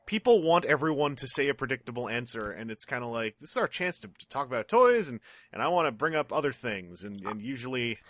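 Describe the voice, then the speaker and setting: Bright-voiced jokey male podcast guest. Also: mid-range voice, very animated, fast talker. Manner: jokey, self-deprecating, rambling. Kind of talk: casual chat.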